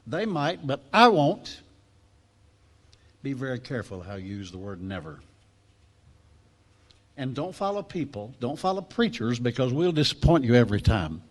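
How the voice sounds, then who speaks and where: He preaches a sermon to a class with a medium-pitched voice at normal speed. Storytelling is his mode, and he lively acts out the voices inside each quote.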